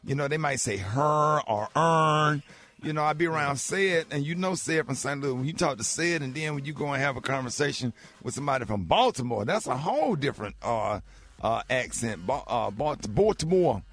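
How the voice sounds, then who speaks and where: A man's voice: mid-range voice, expressive, a little fast, a bit bright. A man hosting a morning radio show, chatting in a laid-back way and chuckling as he explains things. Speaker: host. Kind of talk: casual morning radio chat.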